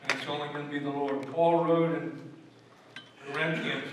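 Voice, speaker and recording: A male pastor preaching a sermon and telling stories, his voice swinging from loud emphasis to hushed tones. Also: fairly high pitch, flat delivery, moderate pace, long pauses, noisy background. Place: church sanctuary. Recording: echoey church hall from far off.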